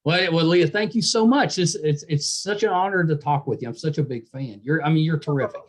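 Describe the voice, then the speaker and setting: A man's voice: a little high, brisk. A middle-aged man from West Virginia with a West Virginian accent, hosting a podcast interview in casual, jokey chat full of fillers and restarts. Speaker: podcast host.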